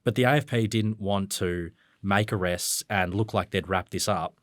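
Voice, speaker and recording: A man's voice: low voice, normal speed, fairly bright tone, no room sound, studio quality. A man with an Australian accent, a journalist giving detailed, fluent explanations with occasional ums. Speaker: journalist guest. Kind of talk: conversational news discussion.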